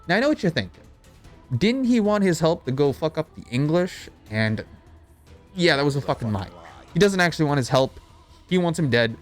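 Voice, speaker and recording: A man's voice: a little high, very animated, fairly quick. A young man narrating a comedic anime recap in an irreverent, profane, sarcastic, rambling way. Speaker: video narrator. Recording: voice-over with background music.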